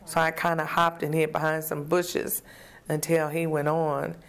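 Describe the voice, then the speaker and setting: Gravelly-voiced woman telling her story. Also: deep voice, flat delivery, a little slow. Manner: vivid storyteller, acts out quoted voices. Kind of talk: personal testimony in an interview.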